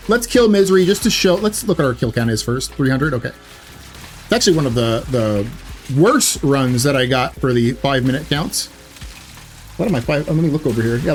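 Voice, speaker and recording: A man giving casual gameplay commentary in a chatty way, correcting himself often with loose filler words. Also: medium pitch. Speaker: gaming YouTuber.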